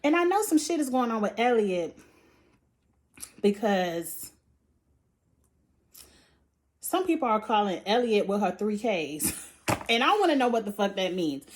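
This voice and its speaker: Sassy, profane woman reviewing a show. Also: a little high. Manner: sassy, blunt and profane, with lots of slang; animated, acting out quotes from the show. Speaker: show reviewer and channel host. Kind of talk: casual recap commentary.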